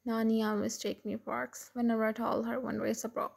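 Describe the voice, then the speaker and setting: A woman's voice: fairly high pitch, flat delivery, fairly quick, gravelly. A woman reading the lines of a talkative four-year-old girl. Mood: eager.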